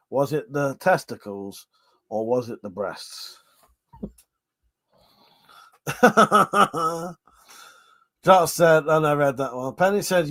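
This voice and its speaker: Man, livestream host, slightly high voice, crude jokey chat, dry close sound. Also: fairly bright tone, no room sound. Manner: laughs often, crude banter. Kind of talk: casual chat reading viewer comments.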